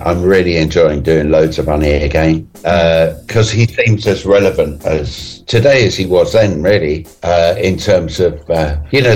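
A man's voice: sits low, a little mellow, low-quality recording. A man in his sixties, a guest comedian chatting in a radio interview, genial and rambling with fillers and chuckles. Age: 60s. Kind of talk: relaxed interview chat.

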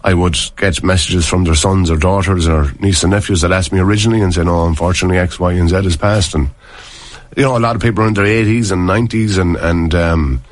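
This Irish man, once a player, speaks quickly in a low, steady tone, and there's no room sound. His casual chat drifts into long, meandering tales full of restarts.

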